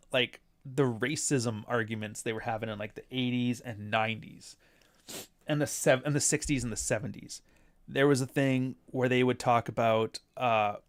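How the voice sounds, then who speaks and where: A man from Canada giving blunt, sarcastic commentary on a livestream, reading out viewer messages. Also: mid-range voice. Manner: blunt, sarcastic, laughing at his own jokes. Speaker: commentary streamer.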